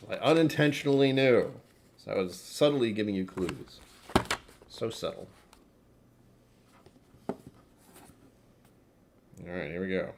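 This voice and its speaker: A man hosting a whiskey tasting livestream, chatting casually with viewers in a wry, self-mocking way. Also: mid-range voice.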